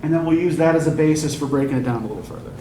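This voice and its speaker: Man lecturing a class, noisy roomy sound. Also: fairly high pitch. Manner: measured, prompting with repeated "right?". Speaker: college English instructor. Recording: echoey classroom, mic at a distance, noisy.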